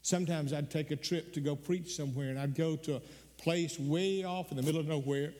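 A man preaching a sermon, telling a personal story earnestly and slowing down on the emotional moments. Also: a little high, fairly even intonation, a little mellow, big-room sound.

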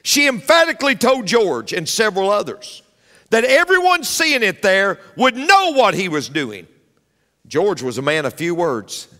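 A male pastor preaching a sermon, emphatic and repetitive, swinging between loud punches and quiet asides. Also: sits high, sing-song, measured pace, big-room sound.

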